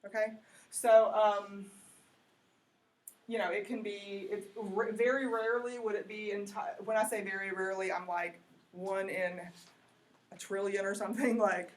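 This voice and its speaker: A woman teacher talks through a lecture in a loose, conversational way and keeps checking in with her class. Her voice sits at an ordinary middle pitch. She is heard from some distance from the mic. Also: fairly even intonation, measured pace. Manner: conversational, asks the class questions, goes off on tangents.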